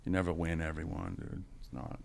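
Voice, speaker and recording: A man's voice: sits low, little pitch movement, fairly quick, vocal fry, a little mellow, a little hiss or hum. A man in his forties, a podcast guest, telling his story in a casual, profane way, full of "you know" and chuckles. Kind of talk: candid storytelling.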